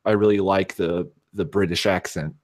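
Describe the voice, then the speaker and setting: Low-voiced American man, halting. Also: steady tone. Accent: American West Coast. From US West Coast. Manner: hesitant, halting, many uh fillers. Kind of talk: casual chat.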